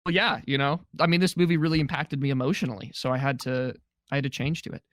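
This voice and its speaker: A medium-pitched man co-hosting a podcast speaks quickly in a fairly bright tone. His casual movie review chat retells the plot with humor, mocking the voices of characters he quotes. It's clean studio audio with no room sound.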